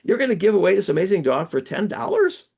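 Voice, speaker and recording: A man voicing an amazed male driver who keeps asking excited, incredulous questions, as part of a joke he tells. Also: sits high, quick pace, creaky, voice pushed up, exaggerated voice.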